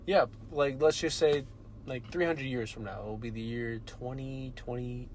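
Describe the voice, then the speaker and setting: Excitable young man, rambling casually. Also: medium pitch, normal speed, slight background noise. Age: young adult. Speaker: podcaster. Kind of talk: casual chat.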